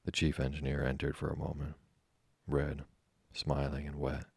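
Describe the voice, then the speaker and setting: A man reading a classic novel aloud as a sleep story, in a slow, hushed, even voice. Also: rumbling low, gravelly, breathy edge, dry recording.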